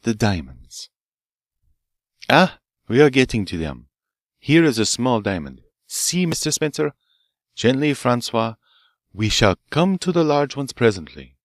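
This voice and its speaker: A man reading an audiobook, voicing an excitable, vengeful French professor with a French accent who shouts menacingly. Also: medium pitch, unhurried, pauses often, no echo, clean studio sound, voice pushed up. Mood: proud.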